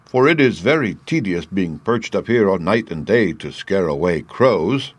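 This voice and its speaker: A man doing a husky, friendly scarecrow. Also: sits low, expressive, normal speed, no room sound. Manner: friendly and confiding. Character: friendly, gentle male scarecrow of straw.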